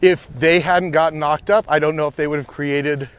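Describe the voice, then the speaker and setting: A man's voice: on the high side, steady tone, normal speed, smooth. A man hosting a podcast in casual chat, rambling and swearing, with many fillers and restarts. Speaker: podcast host.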